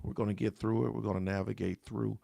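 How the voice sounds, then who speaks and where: A man's voice: on the low side, level tone, fast, gravelly, mellow, dry recording. A man, a pastor, giving a daily grief devotional in an earnest, conversational way, often repeating key phrases and calling his listeners y'all.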